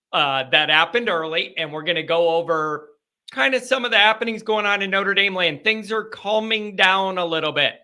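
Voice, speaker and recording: A man hosting a live sports call-in show, chatting casually and rattling off quick plugs and asides. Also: high-pitched, sharp tone.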